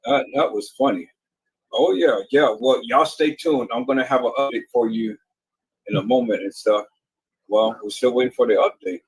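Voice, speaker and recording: A man hosting a live stream in casual chat, telling a rambling, animated story and laughing often and hard. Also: medium pitch, normal speed, slightly rough, no echo, low-quality recording.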